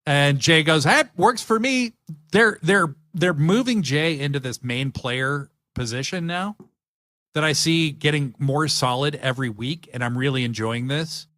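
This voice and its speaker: A man's voice: a little high, measured pace, fairly bright tone, dry recording, studio quality. A man hosting a podcast, chatting eagerly and rambling with lots of fillers. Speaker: podcast host. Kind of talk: casual chat.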